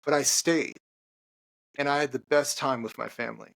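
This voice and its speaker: A man, a podcast guest and author, telling an earnest personal story in conversation, halting with restarts and fillers. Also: medium pitch, steady tone, creaky, fairly bright tone.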